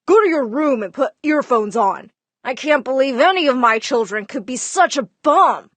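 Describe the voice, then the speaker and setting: A woman voicing a strict, angry father who scolds and yells at his child. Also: a little high, unhurried, dry recording, close to an everyday voice. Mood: scolding. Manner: scolding, yelling. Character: strict angry father, middle-aged man.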